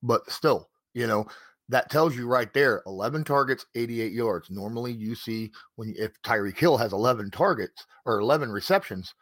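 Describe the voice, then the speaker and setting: A man's voice: medium pitch, expressive, normal speed, fairly bright tone, no room sound, studio quality. A man hosting a casual sports talk show, leading the conversation and citing game stats. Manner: leads the talk, cites stats. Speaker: host.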